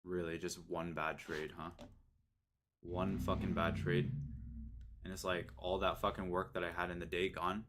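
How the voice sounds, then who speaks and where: A man's voice: deep voice, flat delivery, moderate pace, noisy background. A young man streaming his day trading live, frustrated and swearing, repeating himself as he talks to viewers.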